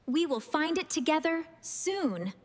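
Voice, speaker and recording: Brief: calm fair teacher, a woman plays her, slow and kind. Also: sits high. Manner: slow, gentle, reassuring. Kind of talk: slow storybook dialogue for learners.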